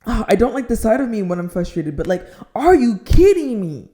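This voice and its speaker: A young adult woman telling a frustrated storytime rant, filling her talk with "like" and dropping to a near-whisper so she won't shout. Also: a little high, big pitch swings, a little fast. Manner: exasperated, heavy use of "like", drops to a near-whisper to avoid shouting. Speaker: storytime vlogger.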